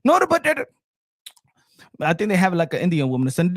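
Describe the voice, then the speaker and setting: A man's voice: high-pitched, huge pitch swings, brisk, pauses often. A man hosting a boxing livestream, talking casually and animatedly, switching between English and Spanish and repeating himself.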